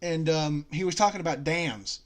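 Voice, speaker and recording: A man's voice: on the high side, normal speed. A young man chatting casually with a friend, laughing often and telling long jokes in which he voices the characters. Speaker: co-host.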